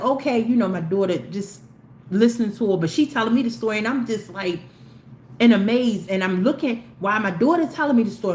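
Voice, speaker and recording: A woman's voice: medium pitch, a little mellow. A woman, hosting a live video stream and telling a long story to her viewers in a chatty, rambling way with many restarts. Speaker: YouTube live host. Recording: roomy with faint background noise.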